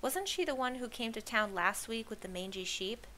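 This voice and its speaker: A woman's voice: fairly high pitch, animated, moderate pace, bright, forceful tone, slight background noise, voice pushed up. A woman voicing a touchy, dramatic young girl in a storybook reading, haughty and emphatic. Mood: eager.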